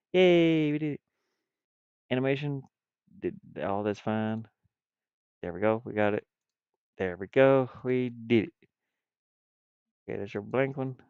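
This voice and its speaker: A fairly low-voiced man with a stuffy nose chats on a live stream as he builds a game, rambling and talking himself through each step. The sound is dry and a little dull, with mouse clicks now and then behind him. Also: a little mellow, no echo. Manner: rambling, self-talking, chuckles often. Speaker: indie game developer streaming. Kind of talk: casual live-stream chat while working.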